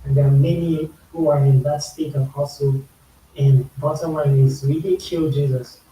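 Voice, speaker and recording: Speaking at a moderate pace in a steady, fairly high, dark voice, a Nigerian-accented man reacts to music for YouTube. He breaks down the song's lyrics and slang casually, repeating phrases to stress them, in an echoey room with a slightly distant mic and faint hiss.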